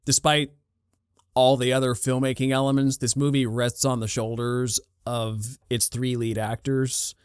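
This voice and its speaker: A man's voice: mid-range voice, little pitch movement, unhurried, smooth, no echo, clean studio sound. A man co-hosting a podcast, chatting casually about a film with many fillers and restarts. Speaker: podcast co-host. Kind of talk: casual film review chat.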